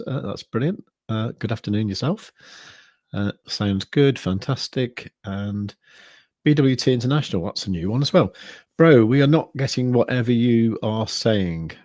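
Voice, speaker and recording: This English livestream host speaks in a mid-range, darkish voice, wandering through viewer comments with plenty of fillers and false starts. Raised in the Midlands, he has a blended Midlands and southern English accent, with some years spent in France. The recording is dry and studio quality.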